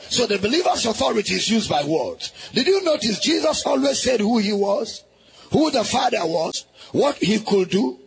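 A man preaching a shouted call-and-response sermon, singing out phrases and having the congregation repeat after him. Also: sits high, big pitch swings, moderate pace, gravelly, soft background music.

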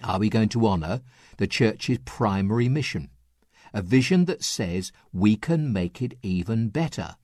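A man preaching a radio sermon, with lively rises and falls and dramatic pauses. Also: on the low side, dry recording, studio quality. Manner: lively, rising and falling delivery with dramatic pauses.

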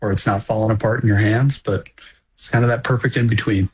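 Man from minnesota, husky voice, easygoing halting answers, radio guest. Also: fairly low pitch, steady tone, low-quality recording. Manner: easygoing, slightly halting, laughs often. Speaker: restaurant owner guest. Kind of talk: casual interview answers.

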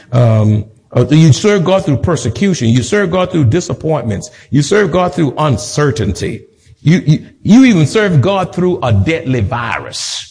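High-voiced pastor preaching. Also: male voice, gravelly, darkish tone. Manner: repetitive, emphatic preaching with humorous asides. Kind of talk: sermon. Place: church sanctuary.

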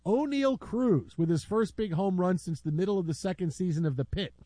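Joking, high-voiced sports talk host man. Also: warm tone, dry recording. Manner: joking, riffing, quick asides. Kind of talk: casual sports talk chat.

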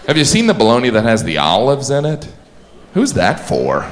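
A man doing a stand-up comedy set in a dry, deadpan way, now and then putting on silly voices. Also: medium pitch, moderate pace. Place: comedy club stage. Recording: live club set with crowd laughter and noise.

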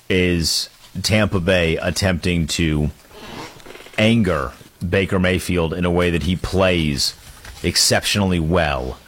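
A man co-hosting a sports talk radio show, relaxed and wry, laughing easily. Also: deep voice, slight background noise.

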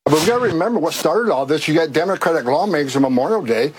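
A man's voice: on the high side, lively intonation, fast talker, slightly rough. A man, an official, giving press remarks in an emphatic, repetitive way with stumbling restarts. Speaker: government official giving a statement.

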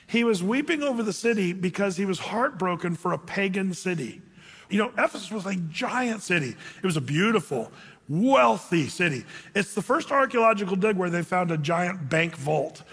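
A man delivers a lively sermon in a high, slightly husky voice, his words carrying a long reverb through a large church hall. He preaches as a pastor and now and then slips into quoted voices. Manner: animated, acts out quoted voices.

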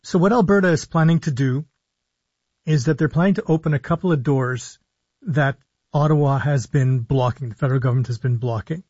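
A man, a physician hosting a live call-in radio show, explaining in a measured way with slow emphasis on key words. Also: medium pitch, a little mellow, husky, no echo, muffled recording. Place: radio studio.

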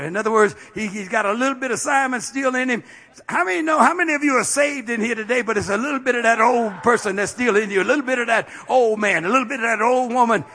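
A man preaching a sermon as a bishop, with fiery call-and-response delivery that breaks into shouts at its peaks. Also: high voice, breathy edge. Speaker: bishop and pastor.

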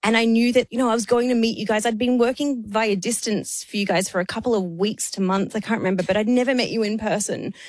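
A woman's voice: a little high, fairly even intonation, fast talker, few pauses, dry recording. Woman, departing podcast producer; emotional, tearful laughter; dry close sound. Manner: emotional, laughing through tears. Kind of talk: casual podcast chat.

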